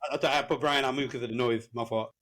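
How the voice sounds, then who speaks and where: A man's voice: medium pitch, fairly even intonation, fast talker, fairly bright tone. A man co-hosting a podcast, talking earnestly and rambling a little in casual chat. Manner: earnest, rambling talk with restarts. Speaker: podcast co-host.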